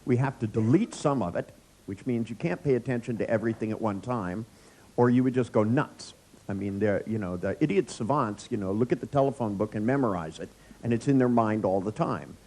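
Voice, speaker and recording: A man's voice: on the low side, brisk, mellow, poor audio. A man giving a live workshop lecture to an audience, telling wry, joking anecdotes. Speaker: workshop trainer.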